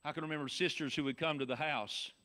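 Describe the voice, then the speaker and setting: Male pastor, Southern accent, folksy sermon, bright edge, a bit higher voice. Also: steady tone, fast talker. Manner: swings from shouting to soft and low, folksy.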